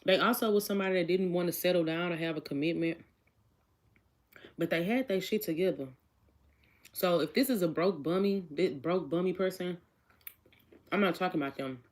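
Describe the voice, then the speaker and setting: Chatty low-voiced woman reading tarot. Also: moderate pace, pauses often, a little mellow. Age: adult with a child. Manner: chatty, repeats questions aloud, addresses viewers directly. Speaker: tarot reader. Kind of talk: casual live tarot reading.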